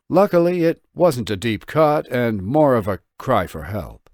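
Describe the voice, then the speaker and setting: A man's voice: mid-range voice, measured pace, no echo, studio quality. A man narrating his own novel as an audiobook, telling the story expressively. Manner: expressive storytelling with voiced dialogue. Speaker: author and narrator.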